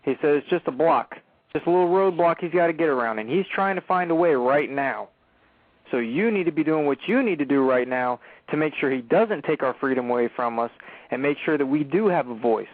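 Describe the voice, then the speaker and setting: A man's voice: fairly high pitch, lively intonation, a little fast, no echo. A man hosting a talk radio show, speaking emphatically and preaching straight to listeners. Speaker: radio host. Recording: narrow phone-like sound.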